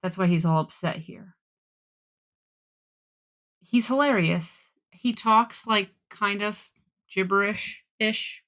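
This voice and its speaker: A woman's voice: mid-range voice, takes it slowly, long pauses, fairly bright tone. A woman co-hosting a podcast in casual chat, telling stories in a gushing, giggly way. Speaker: podcast co-host.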